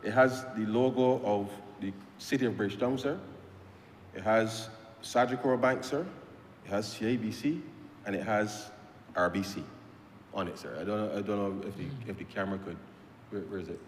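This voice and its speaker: Barbadian MP speaking in an echoing chamber. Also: male voice, on the low side, moderate pace, a little hiss or hum. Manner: emphatic, repetitive, addresses "sir" nearly every phrase. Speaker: member of parliament. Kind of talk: parliamentary speech. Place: legislative chamber. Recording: echoey chamber with long reverb.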